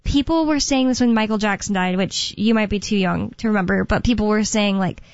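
A young woman in casual chat, rambling, losing her thread and filling pauses with um and uh. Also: medium pitch, a little mellow, no echo. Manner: rambling, loses her thread, many fillers. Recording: dull, lo-fi dry sound.

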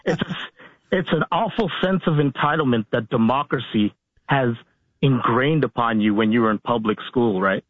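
A male caller lecturing in a halting way, with many restarts, on a call-in radio show. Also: medium pitch, dry recording. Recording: tinny phone line.

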